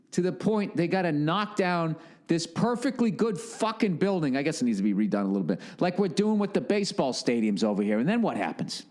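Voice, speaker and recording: A man's voice: a little high, darkish tone. A man hosting a podcast alone, telling a rambling comic monologue full of sarcasm, swearing and tangents. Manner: profane, sarcastic, tangent-prone. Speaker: podcast host.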